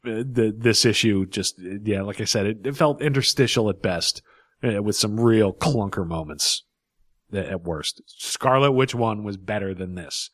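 A man's voice: lowish voice, animated, moderate pace, fairly bright tone, no room sound, clean studio sound. A middle-aged man co-hosting a casual comic book podcast, blunt and opinionated, often laughing. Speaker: podcast co-host.

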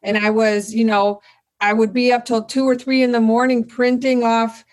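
A middle-aged woman, a company founder, telling a story in a casual interview with lively energy and acting out her own remarks. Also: on the high side, normal speed. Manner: animated, excitable storyteller who acts out her own lines.

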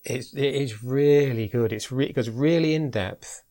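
British male podcast host, chatty, stumbles and repeats words, mid-pitched. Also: normal speed, warm tone. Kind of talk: casual podcast chat.

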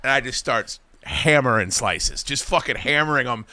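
A man with a bright, forceful voice tells long, swearing-laced stories as a podcast host. He acts out the people in each anecdote, and his voice sits at an ordinary male pitch. The sound is close and dry, with no room around it. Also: moderate pace, dry recording. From Virginia. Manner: profane, rambling anecdotes with acted-out quotes. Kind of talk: casual comedic storytelling. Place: podcast studio.

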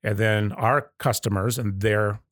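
A man's voice: on the low side, steady tone, unhurried, dry recording, studio quality. A man from the Southern United States, a company leader, telling stories in a casual podcast interview and acting out customer quotes. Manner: storytelling, acts out customer quotes. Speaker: guest, coffee company leader.

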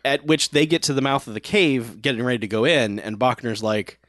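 A man with a mid-range voice talks through a movie plot in relaxed chat, laughing along and filling in the beats. The recording is dry and close. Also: mid-range voice, fairly quick, dry recording. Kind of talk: casual movie recap chat.

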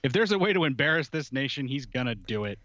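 A man's voice: mid-range voice, big pitch swings, fast talker, fairly bright tone, dry recording, lo-fi sound. A man chatting casually on a podcast, sarcastic and mocking, swearing freely. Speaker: podcast co-host. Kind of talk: casual political chat.

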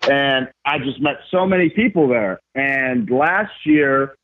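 A man telling stories as a podcast guest, animated and emphatic, with slangy casual talk. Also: medium pitch, slow pace. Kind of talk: casual storytelling. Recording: tinny phone-like remote line.

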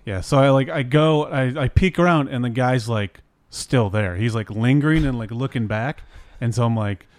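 A man's voice: medium pitch, normal speed, no echo, studio quality. Rambling young man telling a story. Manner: rambling, heavy 'like' fillers, swears, acts out voices in his story. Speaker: storyteller in casual chat. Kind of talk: casual chat.

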